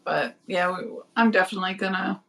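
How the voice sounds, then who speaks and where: An older woman co-hosting a casual live stream, soft-spoken with short replies and thanks. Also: mid-range voice, brisk, gravelly, poor audio. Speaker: co-host and guest of honor.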